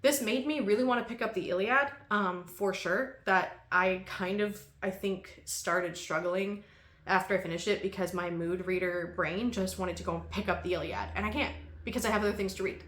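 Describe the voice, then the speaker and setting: A woman's voice: medium pitch, fairly bright tone. Woman book vlogger, casual and chatty, laughs a lot, echoey room. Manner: chatty, laughs often, many ums. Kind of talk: casual chat.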